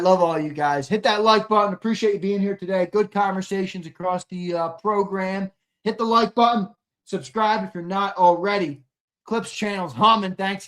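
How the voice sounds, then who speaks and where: A man co-hosting a live sports stream, ranting in a sarcastic, exasperated way and sometimes shouting. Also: fairly high pitch. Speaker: sports show co-host. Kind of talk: casual live-stream rant.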